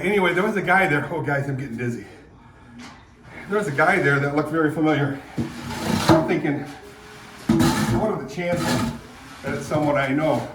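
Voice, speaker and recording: A man's voice: fairly high pitch, reverberant, noisy background. Rambling older man from Michigan. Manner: rambling, self-deprecating, many fillers. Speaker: vlogger. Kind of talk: casual chat. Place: horse barn.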